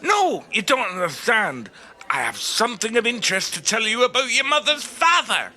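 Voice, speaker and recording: A man's voice: high-pitched, sing-song, moderate pace, pushed and bright, heavily acted. A man playing a prim, formal lawyer. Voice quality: precise, formal. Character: prim, patient male lawyer. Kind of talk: comedy audio drama acting.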